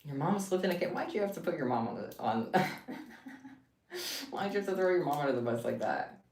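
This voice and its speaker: A woman's voice: lowish voice, sing-song, normal speed, darkish tone. A woman streaming live, chatting casually with her viewers and reacting with playful, dramatic exaggeration. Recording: echoey room, mic at distance, faint hiss.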